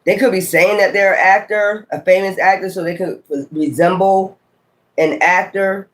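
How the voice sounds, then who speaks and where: A man's voice: high-pitched, steady tone, moderate pace, a bit bright. A man, giving a casual tarot reading, musing aloud with sudden exclamatory asides. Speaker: tarot reader.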